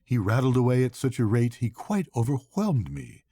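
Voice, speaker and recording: An older man, a grandfather, reading a classic novel aloud to his grandchildren at bedtime in an unhurried, expressive way. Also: mid-range voice, slightly rough, no echo.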